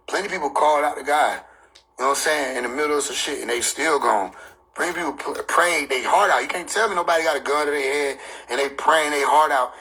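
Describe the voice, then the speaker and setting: High bright-voiced man ranting profanely. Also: slight background noise, poor audio. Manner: profane, streetwise, laughing between points; preachy, lecturing on scripture. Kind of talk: casual monologue rant.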